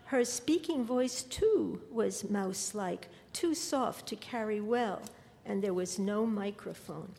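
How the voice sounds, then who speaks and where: A woman reading her literary fiction aloud in a measured, deliberate way. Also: medium pitch, gravelly, mellow. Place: lecture hall. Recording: long hall reverb.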